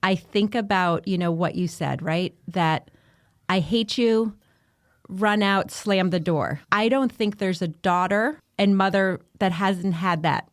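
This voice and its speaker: Woman podcast host; measured, reflective questions, dry close-miked voice. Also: mid-range voice, dry recording. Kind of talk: interview conversation.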